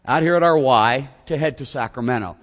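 A middle-aged male pastor with a mid-range voice preaches briskly, telling a story with self-mocking humor. He narrates in an animated way and acts out shouting, all under a long hall reverb.

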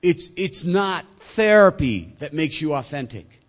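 A male pastor delivering a sermon, swinging between loud emphatic points and quiet, low asides. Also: big pitch swings, a little slow.

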